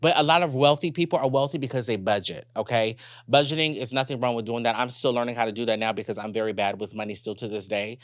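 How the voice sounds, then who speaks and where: A man's voice: medium pitch, fairly even intonation, fast talker, few pauses, dry recording. A man hosting a podcast in a sassy, blunt and playful casual chat. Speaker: podcast host.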